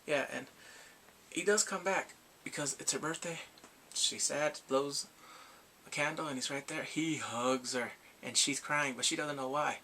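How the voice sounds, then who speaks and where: A man casually recapping a drama's plot, animated and emotional, acting out the characters' lines. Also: fairly high pitch, measured pace, a little hiss or hum. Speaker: drama reviewer.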